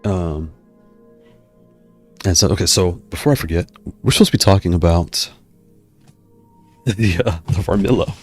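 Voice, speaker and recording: A very low-pitched man talks loosely to his live-stream viewers, wandering from point to point and cutting himself off mid-thought. The sound is dry and close, with quiet music in the background. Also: measured pace, pauses often, slightly rough, dry recording. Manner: rambling, self-interrupting, digressive. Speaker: YouTube host reading live chat. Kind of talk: rambling live-stream chat.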